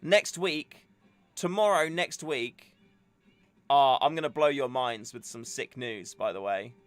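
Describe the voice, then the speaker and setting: A man's voice: medium pitch, measured pace, clean tone, dry recording. A young man hosting a casual livestream, chatting and joking in a rambling way. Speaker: livestream host. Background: faint music.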